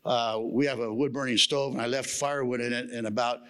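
A man's voice: medium pitch, steady tone, brisk, a bit bright, smooth. A man preaching a sermon at a men's camp, telling stories in a folksy way with humorous asides. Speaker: camp speaker.

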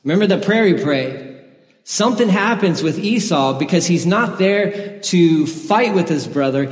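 Earnest pastor preaching in an echoey hall. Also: male voice, high voice, animated, normal speed, soft background music. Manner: earnest, testimony-style storytelling with laughs. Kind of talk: sermon.

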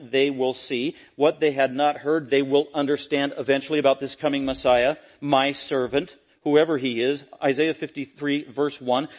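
A man preaching an expository sermon, emphatic and repetitive, swinging from loud peaks to quiet low lines. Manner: repetitive, stressing key phrases.

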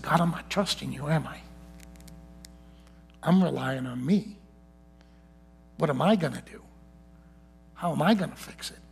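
A man's voice: medium pitch, gravelly, a little hiss or hum. A man preaching a sermon, telling a personal story and often dropping his voice to near whispers.

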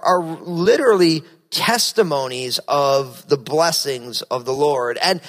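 A man's voice: sits high, a bit bright. Man, pastor, earnest sermon, frequent restarts, long reverb. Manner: earnest preaching with repeated restarts.

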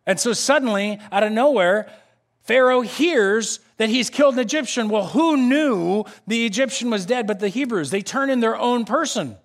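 Man preaching, high-pitched, animated delivery, acts out quoted voices. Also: normal speed. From United States. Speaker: pastor. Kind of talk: sermon.

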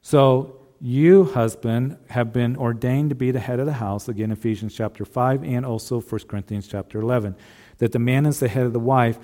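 Speaking to the husbands head-on, this male pastor preaches with earnest conviction, his voice mellow, dark, and mid-pitched. He keeps a moderate pace and circles back to repeat phrases as he goes.

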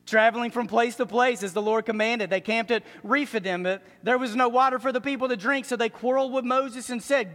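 A man with a high voice preaches a sermon in a large church hall, and his words ring out with a long reverb. He talks with animation, drops in joking asides and acts out other people's voices as he teaches. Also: a little fast, hardly any pauses, a bit bright. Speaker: pastor.

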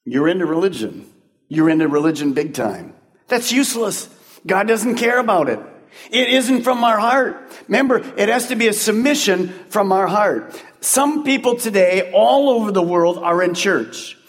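A man's voice: sits high, expressive, normal speed. A male pastor preaching to his congregation in an emphatic, conversational style full of rhetorical questions. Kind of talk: sermon. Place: large church sanctuary. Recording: long church-hall reverb.

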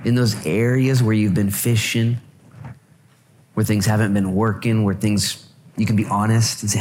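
A male pastor preaching a lively sermon at a church service, joking and repeating phrases for emphasis. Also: on the low side, normal speed, slight background noise.

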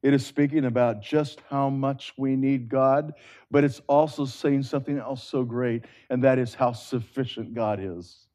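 A man preaching a sermon in an earnest, conversational way, swinging between loud emphatic rises and hushed, drawn-out phrases. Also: mid-range voice, fairly even intonation.

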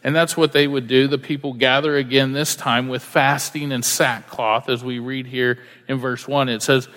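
A man's voice: mid-range voice, steady tone, moderate pace, few pauses, fairly bright tone, big-room sound. A male pastor preaching a verse-by-verse sermon, earnest and repeating key lines for emphasis.

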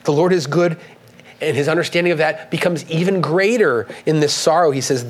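Man preaching, sermon, earnest, halting restarts, slightly higher voice. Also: poor audio. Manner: earnest, halting, with restarts and emphatic read quotes. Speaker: pastor.

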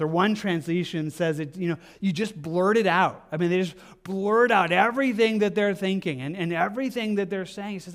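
Conversational high-voiced man preaching. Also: a little fast, hardly any pauses. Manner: conversational, many restarts and asides. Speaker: pastor. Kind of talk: sermon.

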